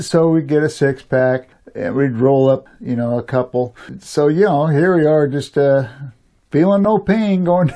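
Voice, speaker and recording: An older man telling a long personal story in a loose, rambling way, chuckling often and filling pauses with "you know.". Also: mid-range voice, vocal fry, mellow. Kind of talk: casual spoken storytelling.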